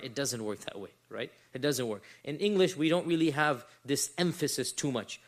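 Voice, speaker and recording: A man lecturing a class on scripture, explaining slowly, repeating phrases and reciting in Arabic. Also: mid-range voice. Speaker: teacher of Quran commentary.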